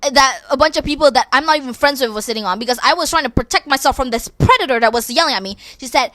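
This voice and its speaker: A woman hosting a podcast, rambling through a casual, expressive, self-deprecating monologue. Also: sits high, fast talker, hardly any pauses. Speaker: podcast host.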